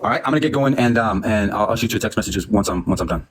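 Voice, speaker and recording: A man's voice: fairly low pitch, racing, a little hiss or hum. A man on a livestream call, defensive and pleading, stumbling over his words. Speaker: livestream guest. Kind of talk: heated livestream talk.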